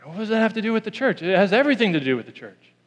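A man's voice: high voice, very animated, very fast, long reverb tail. A man preaching a sermon in a church, telling a story and repeating key lines for emphasis.

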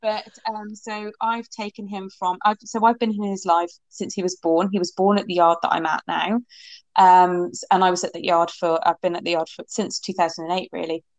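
A middle-aged woman from England, a horsemanship coach, telling her stories in an animated, rambling way as a guest in an interview, laughing often. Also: on the low side, moderate pace, no room sound. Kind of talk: casual interview storytelling.

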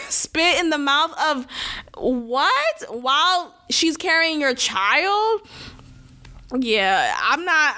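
A young adult woman hosting a solo podcast, talking in an animated, indignant way and laughing often. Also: high-pitched. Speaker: podcast host.

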